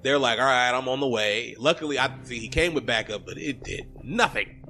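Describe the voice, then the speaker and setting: A man's voice: medium pitch, brisk, slight background noise. A man casually recapping a film in chat, swearing freely and acting out the characters' lines. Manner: animated, profane, acts out characters' lines. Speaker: podcast co-host recapping a film.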